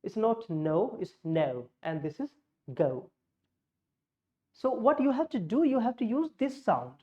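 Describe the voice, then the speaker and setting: A woman teaching pronunciation, slowly modeling vowel sounds against each other. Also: a little high, big pitch swings. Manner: slow, explanatory, models sounds in contrast. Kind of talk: pronunciation lesson with slides. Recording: muffled lo-fi audio.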